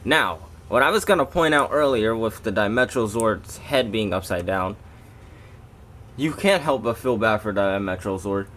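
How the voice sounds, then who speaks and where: A man's voice: medium pitch, fairly bright tone, slight background noise. Rambling man reviewing a toy. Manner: rambling, self-interrupting, jokey asides to viewers. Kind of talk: casual toy review vlog.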